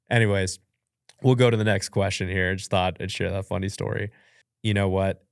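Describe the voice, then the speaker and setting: Podcast host, young man, lowish voice, animated self-mocking storyteller, dry studio sound. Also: smooth, dry recording. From United States. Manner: animated, chatty, self-mocking, acts out his own reactions. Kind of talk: casual storytelling and Q&A. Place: professional studio. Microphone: studio mic.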